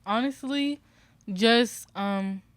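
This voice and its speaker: Young woman guest, smooth clear voice, nervous and halting, dry close mic. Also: fairly high pitch, no echo. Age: young adult. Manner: nervous, searching for words, many "like"s. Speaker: podcast guest. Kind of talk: candid interview answers.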